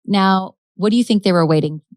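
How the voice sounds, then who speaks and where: Speaking fairly quickly in a mid-range, slightly mellow voice, this woman hosts a podcast and recounts a real crime case with lots of drama, chatter, and laughter. There's no echo.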